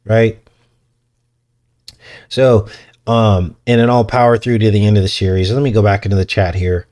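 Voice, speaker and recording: A man's voice: on the low side, darkish tone. A man hosting a casual livestream, chatty and self-deprecating, often chuckling as he talks. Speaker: host.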